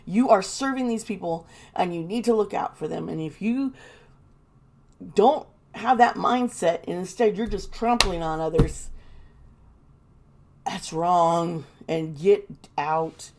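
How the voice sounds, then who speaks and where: A woman's voice: on the low side, takes it slowly, a little mellow. A woman giving casual, indignant commentary, swearing and mocking the people she quotes. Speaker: tarot reader and commentator.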